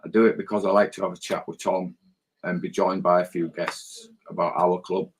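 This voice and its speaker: A man's voice: deep voice, little pitch movement, a little fast, a little hiss or hum, low-quality recording. A man co-hosting a casual fan podcast, blunt, swearing freely and repeating his words. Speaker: co-host.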